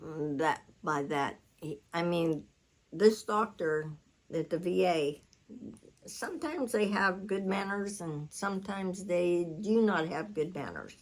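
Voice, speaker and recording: A woman's voice: lowish voice, expressive, slow, rough recording. A woman hosting her own channel, telling a long story in casual chat while she cooks. She rambles, corrects herself mid-sentence, and uses blunt, salty words. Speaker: channel host.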